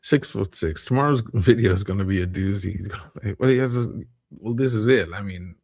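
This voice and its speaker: A man rambles through a casual live stream chat in a deep, gravelly, slightly husky voice with a darkish tone. He talks a little fast, swears freely and often breaks into laughter between thoughts.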